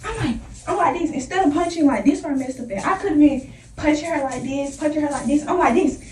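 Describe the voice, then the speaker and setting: A young woman in a casual storytime vlog, animated and slangy, acting out the scenes as she talks. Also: high voice, a little fast. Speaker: vlogger. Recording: echoey room, voice from a distance.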